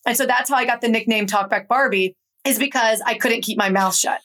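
A young adult woman from Georgia, a guest author telling her story in an animated, conversational interview. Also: a little high, fairly quick. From Atlanta, Georgia. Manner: animated, acts out quoted voices in her stories.

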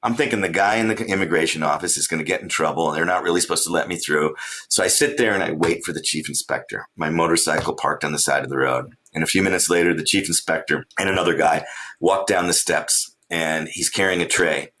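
Animated low-voiced male storyteller. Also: fast talker. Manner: animated storyteller, laughs often. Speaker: author and traveler, guest. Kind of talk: storytelling in a podcast interview.

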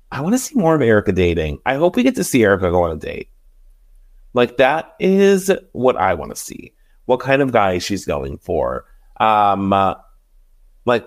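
Casting note: male podcast host, lowish voice, chatty and animated, casual solo recap.

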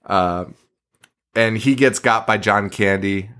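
A man's voice: fairly low pitch, takes it slowly, a bit bright, smooth. A man co-hosting a podcast in a basement, retelling a movie in casual chat, laughing often and swearing freely. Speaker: podcast co-host.

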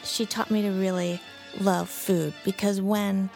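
A woman co-hosting a food podcast, telling stories in a lively, casual way. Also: mid-range voice, measured pace, creaky, soft background music. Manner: storytelling, animated. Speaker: podcast co-host, magazine editor.

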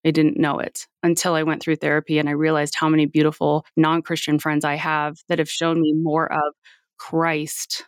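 A woman's voice: low-pitched, completely flat delivery, normal speed, no echo, clean studio sound. A woman speaking as a podcast guest in a casual interview, earnest and at times dryly sarcastic.

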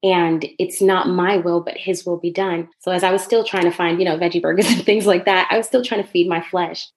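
A woman from Jamaica with a Jamaican accent softened by a slight Southern drawl, an earnest podcast guest telling her faith story and laughing often. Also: fairly low pitch, steady tone, a little fast. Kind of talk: testimony in casual chat.

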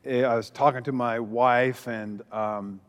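Pastor telling stories in a hall. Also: male voice, mid-range voice, fairly even intonation, a little slow, smooth. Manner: storytelling with self-deprecating humor and frequent fillers. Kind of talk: humorous teaching talk.

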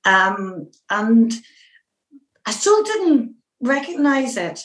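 A middle-aged woman from Northern Ireland with a Northern Irish accent, telling stories as an interview guest in a lively way, with many fillers. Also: on the high side, extremely slow, reverberant, low-quality recording. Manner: lively storyteller who acts out her own past remarks, with many fillers. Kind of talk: anecdotal interview storytelling.

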